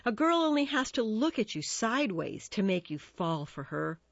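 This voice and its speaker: A woman's voice: medium pitch, big pitch swings, normal speed, no echo, highs cut off, pitched above the performer's own voice. Woman voicing a sarcastic, hot-headed young swordsman. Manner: irritable, mocking. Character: hot-tempered sarcastic young man, Romeo's friend.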